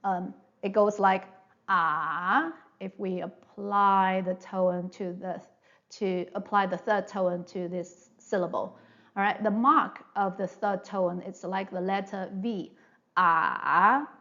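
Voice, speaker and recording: A woman's voice: mid-range voice, level tone, measured pace, lo-fi sound. A woman teaching a Mandarin pronunciation lesson, patient and repetitive, often checking in with "all right?" and drawing out sounds to demonstrate them. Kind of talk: slow online pronunciation lesson.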